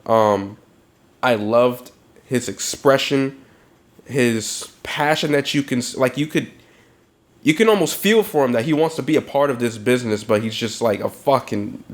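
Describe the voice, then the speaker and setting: A man's voice: mid-range voice, measured pace. A man co-hosting a film podcast, talking loosely and with plenty of swearing about movies he saw. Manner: loose, profane, animated film talk. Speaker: podcast co-host. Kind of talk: casual chat.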